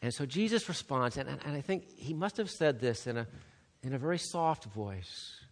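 A man preaching a sermon, swinging between loud, urgent emphasis and hushed, soft passages. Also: medium pitch, animated, moderate pace. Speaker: pastor. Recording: long reverb of a large hall.

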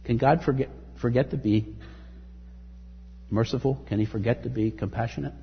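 A man's voice: mid-range voice, fairly even intonation, normal speed, big-room sound, dull audio, slight background noise. A man preaching a sermon, earnestly reading scripture aloud and lifting his voice on the quoted verses. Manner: earnest, reads scripture aloud with rising emphasis. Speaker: pastor.

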